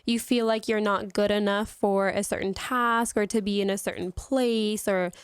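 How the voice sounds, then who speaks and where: A woman hosting a casual podcast, relaxed as she explains a topic and puts questions to guests. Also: medium pitch, moderate pace, smooth, no echo, clean studio sound. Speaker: podcast host.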